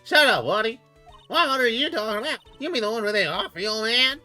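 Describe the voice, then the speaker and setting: Woman doing a bright, sharp-edged puppet, rude and brash, lively delivery. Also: fairly high pitch, quick pace, soft background music. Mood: belligerent. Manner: brash, insulting, swaggering. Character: rude foul-mouthed male ventriloquist puppet. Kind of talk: voicing game characters on a stream.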